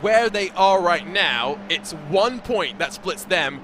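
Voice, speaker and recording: High-voiced man commentating a sim race. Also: expressive, a bit bright, slight background noise. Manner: analytical, brisk, jokey asides. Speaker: esports racing commentator.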